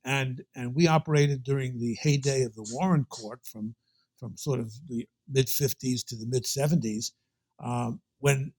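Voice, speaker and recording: A man's voice: medium pitch, darkish tone. An older man with a Brooklyn accent, talking as an interview guest. He tells his anecdotes in a loose, rambling way, often restarting a phrase and stacking up asides before he gets to the point. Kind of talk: storytelling interview.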